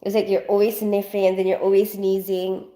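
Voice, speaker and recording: Talking a little fast in a mid-range voice, this livestream host, a woman from the Philippines in her forties, rambles through a relaxed, unscripted home chat with her viewers, full of filler words. She's congested from allergies.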